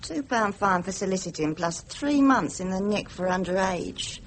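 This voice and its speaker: An actress playing a brisk, worldly prostitute with a blunt, mocking, businesslike manner, in 1950s radio drama style. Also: female voice, medium pitch, animated, slight background noise, close to an everyday voice, poor audio. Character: brisk worldly London prostitute, middle-aged woman.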